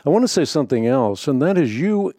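Calm deliberate guy on a bible talk show, warm dark voice, really leans on certain words. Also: a little high, dry recording, studio quality. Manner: measured, emphatic on key words. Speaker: radio show host. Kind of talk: conversational religious discussion.

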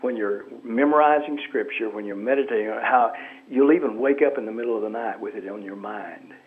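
A man's voice: on the low side, fairly quick, breathy edge. A man who is an author and pastor, talking as a guest in a radio interview with an emphatic, preacher-like cadence. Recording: tinny phone line.

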